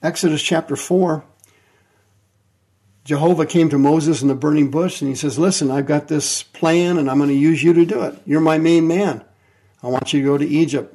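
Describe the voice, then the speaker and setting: Husky fiery male preacher. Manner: animated, voicing biblical figures in quotes, swings between loud and low. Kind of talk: fiery sermon.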